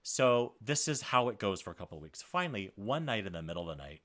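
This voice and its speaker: A man's voice: on the low side, quick pace. A man co-hosting a podcast, telling a story in casual chat and acting out the quoted dialogue with lots of life. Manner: animated, acts out quoted dialogue. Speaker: podcast co-host.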